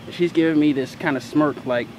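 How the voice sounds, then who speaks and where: A man's voice: fairly high pitch, fairly quick, noisy background. A teenage boy telling a childhood story in a casual, profane, indignant way. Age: teens.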